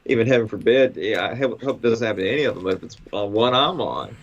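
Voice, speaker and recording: A man's voice: fairly low pitch, fast talker, muffled recording. A man who cleans windows, chatting in a laid-back way on a casual podcast and saying "dude" a lot. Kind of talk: casual chat.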